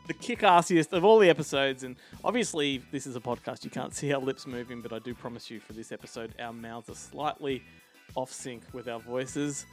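A man hosting a movie podcast, jokey and quick to laugh. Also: medium pitch, soft background music. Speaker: podcast host. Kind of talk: casual movie podcast chat.

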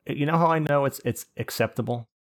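A man's voice: medium pitch, fairly quick. A man hosting a podcast in casual chat, telling rambling stories with swearing and laughs. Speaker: podcast host.

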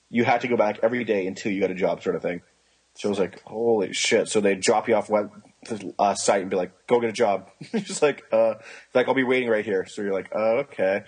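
Man, twenties, very husky voice, casual podcast chat, rambling, swearing, acts out quotes. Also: on the low side, fairly quick, darkish tone, low-quality recording. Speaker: podcast co-host.

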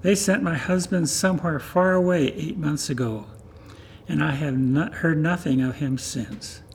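Man reading as a worn-out poor young mom, weary and pleading, bit high voice. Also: measured pace, slight background noise. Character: poor young mother, a soldier's wife.

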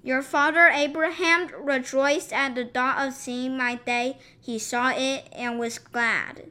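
A woman reading scripture aloud in a measured, even way. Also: sits high. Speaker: scripture reader.

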